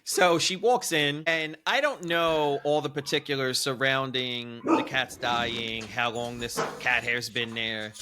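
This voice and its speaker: A man, a podcast co-host telling a wild story in animated, profane, incredulous casual chat. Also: mid-range voice, unhurried, few pauses, noisy background.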